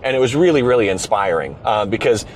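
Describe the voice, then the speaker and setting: A man's voice: fairly low pitch, expressive, fast, slight background noise. A man hosting a casual conversation, telling a story animatedly with plenty of fillers and restarts. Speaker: host. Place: car driving through a city.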